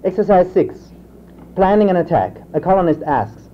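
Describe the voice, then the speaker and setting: This convocation lecture comes from a male professor with a high, animated voice at a moderate pace, who hesitates with many fillers and restarts. Example drill sentences are read aloud in a raised voice, and the recording is tinny lo-fi 1960s reel-to-reel tape with faint hiss.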